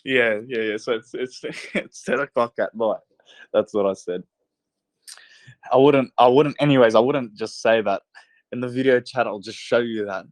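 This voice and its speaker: A man's voice: mid-range voice, moderate pace, no echo. A young man hosting a casual live talk show, full of hype and getting more and more pumped up. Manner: excitable hype, says he gets pumped and could start yelling. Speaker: podcast host.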